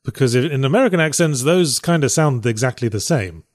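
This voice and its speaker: A man's voice: medium pitch, lively intonation, a little fast. Dry-humored man chatting. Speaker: podcast host and game reviewer. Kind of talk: casual chat.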